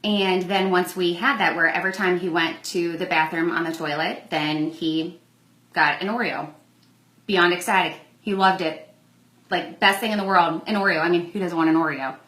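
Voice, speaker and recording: A woman's voice: lowish voice, steady tone, moderate pace, a bit bright, echoey room, low-quality recording. A young woman telling a personal story in a candid, conversational vlog, acting out the lines in quoted exchanges. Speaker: vlogger.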